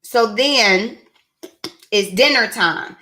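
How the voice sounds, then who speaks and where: A woman's voice: fairly high pitch, very slow, sharp tone. A woman giving a chatty, sassy recap of a reality show episode, with in her speech. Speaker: reality TV reviewer. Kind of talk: casual recap commentary.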